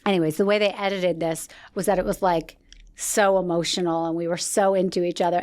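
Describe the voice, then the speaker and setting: A woman's voice: on the low side, quick pace. A woman hosting a podcast, telling a story in casual chat and acting out what people said. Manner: animated storytelling, acts out quotes. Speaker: podcast host.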